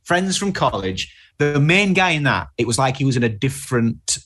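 Woman co-host with a very low voice, swooping intonation, casual podcast chat. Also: normal speed. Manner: lively, searching for words.

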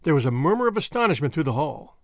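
A man reading a story aloud as narrator, in a measured storytelling manner. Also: a little high, big pitch swings, dry recording, studio quality. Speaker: audiobook reader. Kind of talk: scripted narration.

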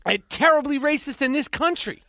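A man's voice: very high-pitched, lively intonation, brisk, bright, forceful tone, dry recording, clean studio sound. A man in casual podcast chat, blunt, often stammering and restarting.

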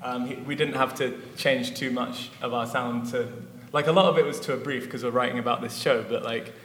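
A man's voice: medium pitch, fairly even intonation, fairly quick, a bit bright. A man, a musician guest, chatting casually in an interview, rambling with lots of fillers. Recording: echoey hall with faint noise.

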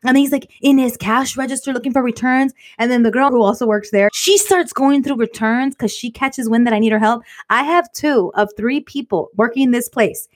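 This woman has a somewhat high voice and co-hosts a casual podcast. She tells stories with animated energy and leans on "like" and "you guys" as she goes. She keeps the chat loose and conversational. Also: normal speed, hardly any pauses. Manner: animated storyteller, heavy use of "like". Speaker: podcast co-host.

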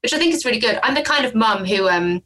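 A woman's voice: a little high, animated, fast, a bit bright, poor audio. A middle-aged woman talking frankly and openly as a guest in a casual conversation, rambling and self-deprecating. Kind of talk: candid conversation.

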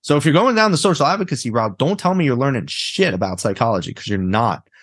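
Blunt, animated man with a husky voice. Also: medium pitch, fast. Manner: blunt, animated, swears freely. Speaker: guest, therapist and mindset coach. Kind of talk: casual interview chat.

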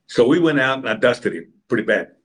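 A man's voice: mid-range voice, sing-song, a little fast. An older man from Texas, an interview guest telling long stories and acting out other people's lines. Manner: rambling raconteur, acts out other people's lines. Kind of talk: anecdotal storytelling.

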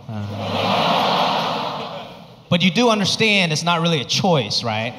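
Stand-up comic in a reverberant hall. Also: male voice, on the high side, slow pace, pauses often, very noisy. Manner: animated storytelling, acting out bits. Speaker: stand-up comedian. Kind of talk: stand-up comedy set. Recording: live stage recording in a reverberant hall.

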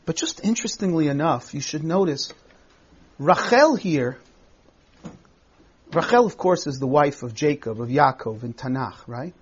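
A man teaching a Bible text in class, reading verses aloud and explaining them with emphatic, expressive delivery. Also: a little high, unhurried, long pauses, breathy edge, lo-fi sound.

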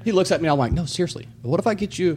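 A man telling a story as a podcast guest in casual chat, animated and acting out quoted lines. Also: high-pitched, racing, a crowd in the background. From Tennessee. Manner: animated, acts out quotes loudly.

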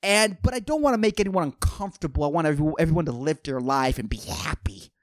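A man's voice: on the high side, lively intonation, quick pace, no echo, clean studio sound. A tired man hosting a podcast, ranting with lots of swearing in an exasperated, rambling way. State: tired late at night. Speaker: podcast host. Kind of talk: profane comedic rant.

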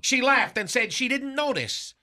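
A long-winded, pompous lovesick fellow, as a man puts him on for a radio comedy sketch. The tone is strikingly bright and thin, and he piles up fancy words with deadpan self-importance. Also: extremely high pitch, normal speed, full character voice. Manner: flowery, overblown vocabulary, deadpan bragging. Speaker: recurring comedy character.

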